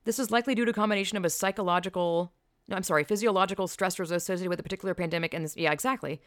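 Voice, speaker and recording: A young woman with a lowish voice talks very fast while hosting a podcast over a headset mic. The chat is casual and rambling, blunt and profane, jumping from tangent to tangent. Recorded at studio quality, no echo.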